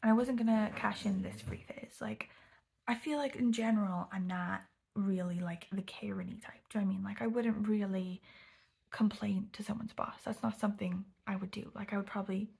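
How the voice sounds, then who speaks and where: A woman's voice: medium pitch, fairly even intonation, brisk, darkish tone. A young woman chatting through a casual storytime vlog, half-whispering and peppering her talk with "like". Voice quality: breathy, gravelly. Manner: chatty, heavy use of "like", often half-whispered. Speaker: vlogger.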